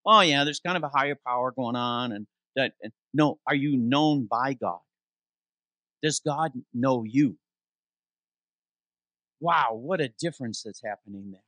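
A man preaching a sermon, his voice pitched a little above the usual for a man. The sound is dry and close, with almost no room echo. He slows down to stress scripture and asks the congregation questions before answering them. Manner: animated preaching, reads scripture aloud with slowed emphasis. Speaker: interim pastor. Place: church sanctuary.

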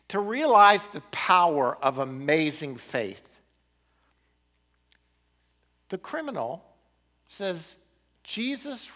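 Animated male pastor preaching. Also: a little high. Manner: animated, rising and falling emphasis with occasional laughs. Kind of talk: sermon.

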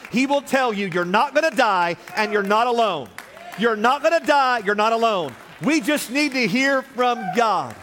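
Man, pastor, high voice, emphatic repeating sermon delivery, recorded in a reverberant church hall. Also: fairly bright tone. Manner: preaching with rising emphatic repetition.

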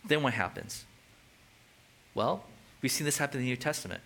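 A male pastor preaching a sermon in an animated, conversational way with frequent jokes. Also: medium pitch, a little fast.

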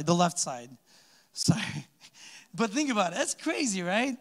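A man giving a casual, chatty sermon, asking the congregation questions and joking between points. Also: sits high. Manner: chatty, joking asides with laughs, rhetorical questions. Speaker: pastor. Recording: long hall reverb.

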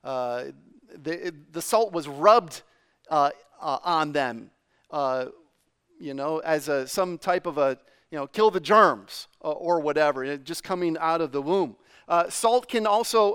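A man's voice: on the high side, lively intonation, measured pace, fairly bright tone, clear, resonant tone. A middle-aged man from New England preaching a sermon in a loose, conversational way, full of fillers and questions to the congregation. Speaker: pastor.

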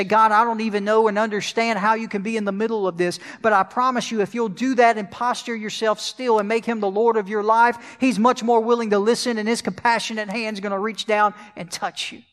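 Male pastor, high voice, sermon in a big echoing hall. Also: fairly bright tone. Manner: preaching with rhetorical questions to the congregation.

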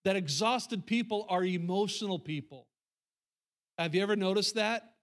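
A man's voice: high voice, moderate pace. A middle-aged man preaching a sermon to his congregation, talking conversationally and repeating phrases for emphasis. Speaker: pastor. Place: church sanctuary.

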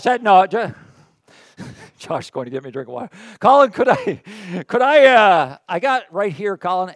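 A man's voice: sits high, no echo, clean studio sound. A man preaching a sermon as a pastor, folksy and conversational, with chatty asides to the congregation.

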